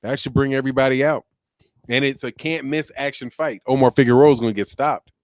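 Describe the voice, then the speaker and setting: A man's voice: mid-range voice, steady tone, a little fast, no room sound, studio quality. A man hosting a casual boxing talk stream, rambling conversationally, restarting sentences and reading out viewer comments. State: sleepy, yawning. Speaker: boxing channel host.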